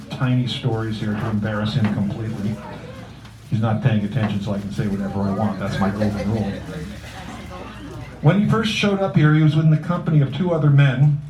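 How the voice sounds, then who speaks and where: A man's voice: mid-range voice, darkish tone. A man hosting an open mic night at a cafe, introducing the next act in a joking, teasing way. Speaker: host. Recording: echoey room, mic far off, background noise.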